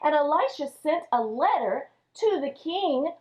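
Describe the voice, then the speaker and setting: A woman teaching Sunday school, telling a Bible story to children in an animated way. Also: high-pitched, unhurried. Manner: animated, acts out characters' lines. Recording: dull lo-fi recording.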